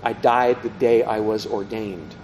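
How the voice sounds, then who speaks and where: A man's voice: measured pace, a little mellow. A man voicing a resolute priest offering himself. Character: calm, resolute male priest volunteering to die. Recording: reverberant hall, faint rumble.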